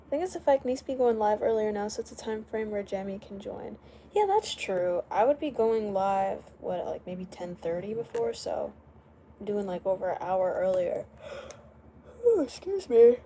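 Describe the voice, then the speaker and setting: A young woman chats through a late-night livestream at home, greeting viewers by name and laughing between thoughts. Her voice is mellow and relaxed, with a faint hiss of noise underneath. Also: medium pitch. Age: young adult. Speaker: livestream host.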